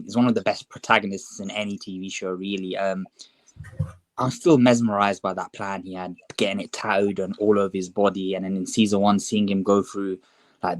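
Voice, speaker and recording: Young man, low voice, dry close sound, casual podcast chat. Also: no echo, rough recording. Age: young adult. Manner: relaxed, chatty, many fillers. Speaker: podcast co-host.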